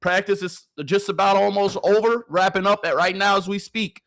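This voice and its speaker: A man's voice: high voice, fairly even intonation, normal speed, fairly bright tone, no room sound, studio quality. A man giving hyped, slangy sports commentary over practice clips, repeating lines and talking straight to his viewers. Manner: hyped, repetitive, slangy delivery addressing viewers.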